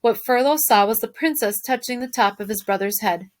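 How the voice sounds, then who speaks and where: A woman teacher reads a chapter book aloud to her class. Her voice sits a little high. She reads expressively and often pauses to put questions to her listeners. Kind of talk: reading a storybook aloud to a class.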